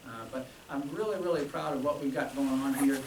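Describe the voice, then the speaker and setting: A man's voice: mid-range voice, fairly quick. A man, a band director, talking casually to alumni, chatty and telling stories with quoted dialogue. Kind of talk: informal speech to alumni. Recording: echoey room from far off, with noise.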